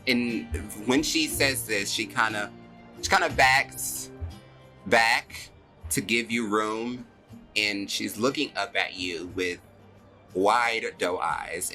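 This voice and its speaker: A man narrating a tabletop game as game master, chatty and laughing as he tells the scene. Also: fairly low pitch. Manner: animated, laughing, chatty storytelling.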